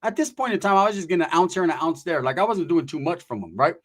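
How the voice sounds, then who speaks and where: A man's voice: fairly high pitch, expressive, racing, a bit bright. A man from Central California telling a comedic story in rambling, profane street slang.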